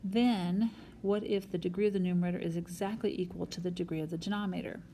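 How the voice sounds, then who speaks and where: A woman's voice: on the low side, fairly even intonation, fast talker, mellow, a little hiss or hum. A woman math teacher recording a whiteboard lesson, explaining each step patiently and talking straight to her students.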